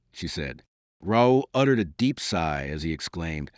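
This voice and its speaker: A man narrating a classic novel as an audiobook in a measured, expressive reading. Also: very deep voice, no echo, studio quality. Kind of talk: scripted narration.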